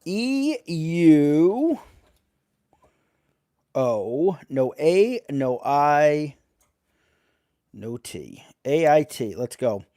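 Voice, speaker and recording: A man's voice: on the high side, very animated, extremely slow, long pauses, warm tone, dry recording, clean studio sound. A man hosting a casual live stream, reading letters aloud and greeting chat viewers.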